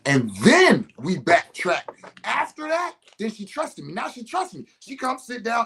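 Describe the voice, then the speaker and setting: A man's voice: very high-pitched, a little slow, husky. A man talking casually as a healer and host, cursing freely and acting out what others said, recorded indoors in a house. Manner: animated, profane, acts out quotes. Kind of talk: casual storytelling talk.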